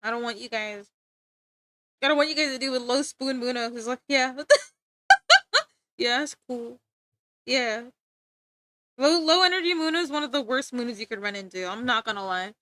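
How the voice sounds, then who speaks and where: A woman's voice: fairly high pitch, moderate pace, pauses often, bright, forceful tone, slight background noise. A young woman streaming live while drawing, chatting playfully with viewers and giggling often. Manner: giggly, playful, rambling, talks to chat.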